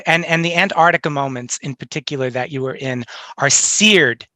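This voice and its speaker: A man interviewing an actress, asking quick questions in an enthusiastic, admiring way. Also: medium pitch, bright, forceful tone, no room sound.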